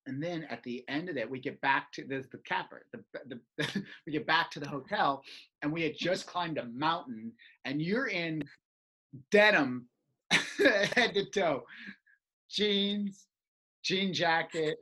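A woman in her thirties, chatting casually and telling animated stories with plenty of laughter. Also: deep voice, measured pace, slightly rough, rough recording. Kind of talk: casual storytelling chat.

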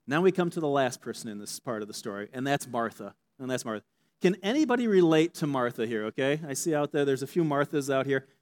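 Speaking fast in a mid-range voice, this pastor preaches conversationally and with energy, regularly checking in with the congregation.

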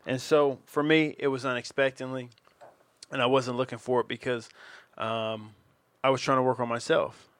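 A man on a podcast talks in an earnest, reflective way and picks his words with care. His voice is mid-pitched. The recording is close and dry. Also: little pitch movement, normal speed, a bit bright, smooth, no room sound. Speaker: podcast co-host. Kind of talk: casual chat.

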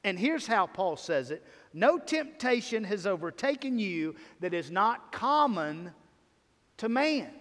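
A man's voice: high voice, sing-song, slow pace, a bit bright. A man preaching a sermon as pastor, emphatic, his volume rising and falling. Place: church sanctuary. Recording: long reverb of a church sanctuary.

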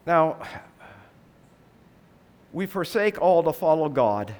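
A man preaching a sermon, explaining scripture in a measured, earnest way and asking rhetorical questions. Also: a little high, sing-song, darkish tone.

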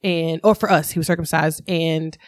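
A woman's voice: low voice, normal speed, no echo, clean studio sound. Chatty woman telling a candid story. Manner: candid, animated storytelling with laughs. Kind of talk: casual chat.

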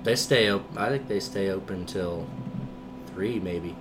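Low-pitched guy, wisecracking co-host, noisy room. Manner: joking, laughing, quick interjections. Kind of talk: casual chat.

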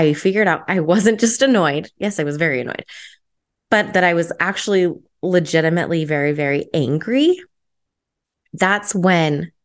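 A young adult woman hosting her solo podcast, chatty and upbeat, with lots of "like" fillers. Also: on the low side. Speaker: podcast host.

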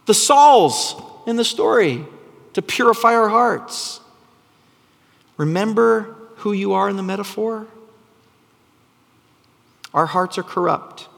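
A man preaching a sermon, earnest and full of rhetorical questions, sometimes dropping to a hushed voice for emphasis. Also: high voice, a little slow, gravelly, long pauses, in a large hall. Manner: drops to a hushed, soft voice for emphasis. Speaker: pastor.

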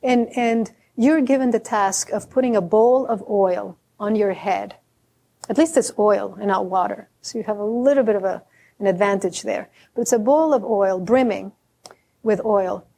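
A woman Zen teacher giving a dharma talk. She is reflective and candid, slowing down to stress key words, with some self-deprecating humor. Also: medium pitch, vocal fry, mellow.

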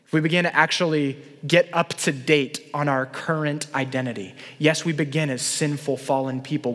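A man preaching in a church, his voice a little high for a man. He swings from loud, fervent peaks to hushed, slowed-down lines. His words ring out with a long hall reverb. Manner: impassioned, building to loud peaks and dropping to soft, slow lines. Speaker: pastor. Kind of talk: sermon. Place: church sanctuary.

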